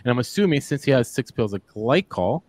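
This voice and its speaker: A man co-hosting a casual trade podcast, working through a listener question with rough math. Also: mid-range voice. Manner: lively, answers listener questions with quick math. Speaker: regular co-host, HVAC technician. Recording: fiddly mic, level jumps.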